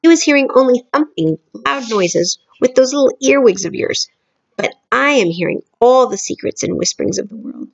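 A woman's voice: fairly high pitch, animated, moderate pace, creaky, muffled recording, voice pushed up. A woman voicing a kindly big friendly male giant who speaks in mangled grammar and made-up words. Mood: earnest. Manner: earnest, wondering, jumbled made-up words.

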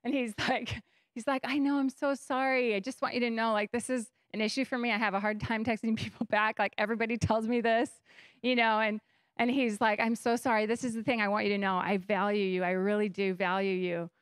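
A woman's voice: on the high side, level tone, fairly quick, clear, resonant tone, no echo, studio quality. A young woman pastor giving a conversational sermon in a church, telling stories animatedly and acting out her own thoughts. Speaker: guest pastor. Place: church stage.

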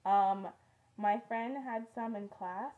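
A woman's voice: mid-range voice, steady tone, slow, narrow, tinny audio. A teenage girl chatting through a casual beauty favorites vlog, rambling with lots of ums and likes. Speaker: beauty vlogger.

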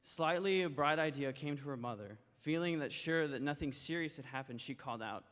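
Brief: male children's-story teller, folksy and gentle, long reverb of a church hall. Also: a little high, brisk. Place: church sanctuary.

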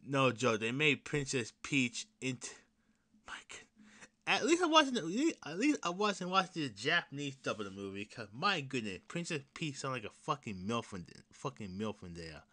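A young man hosting his own podcast, chatting casually in a rambling, laughing way, with frequent restarts and swearing, jumping between loud excited bursts and low mutters. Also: moderate pace. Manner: excited fan talk that drops to mutters and whispers. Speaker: podcast host. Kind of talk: casual solo podcast chat.

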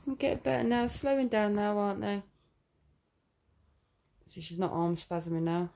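A mother in a home video, gently coaxing her baby in sing-song baby talk and calmly explaining to the camera. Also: mid-range voice, measured pace, gravelly, slight background noise.

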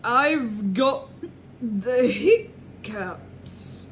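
A gentle young cartoon dog, played by a woman in a homemade puppet show, talking slowly and haltingly with hesitant restarts. The voice sits fairly high. Faint room noise hums behind it. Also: lively intonation, exaggerated voice.

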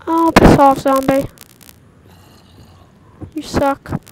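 A young woman commenting on her own gameplay in casual chat, excitable, yelping and tossing out silly mock curses. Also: sits high, drawn-out words. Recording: noisy home mic recording.

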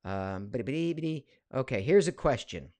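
Chatty man with a lively voice. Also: medium pitch, a little fast, dry recording. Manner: chatty, reads viewer comments aloud, frequent fillers. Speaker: voice actor hosting a live Q&A. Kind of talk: casual live stream chat. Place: home studio. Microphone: studio mic.

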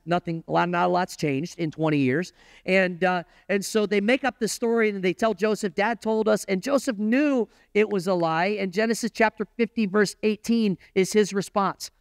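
A male pastor preaching a sermon, moving between conversational asides to the congregation and impassioned stretches with big emphatic rises in pitch. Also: no room sound, studio quality.

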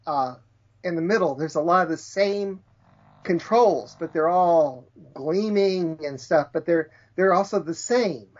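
Hesitant podcast co-host, lo-fi sound. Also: medium pitch. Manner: hesitant, halting. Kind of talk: casual chat. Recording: dull lo-fi audio.

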